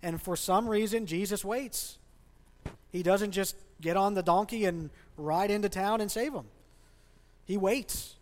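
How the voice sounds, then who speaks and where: A man's voice: high voice, a little slow. A man preaching a sermon as a pastor in a church, speaking conversationally and asking the congregation questions. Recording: long reverb of a large hall.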